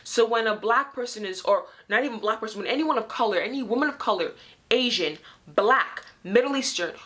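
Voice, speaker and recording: A woman's voice: mid-range voice, a bit bright. A young woman hosting her own show, speaking straight to viewers in an emphatic, fed-up commentary full of pointed rhetorical questions. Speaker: host of her own video series. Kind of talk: direct-to-camera commentary.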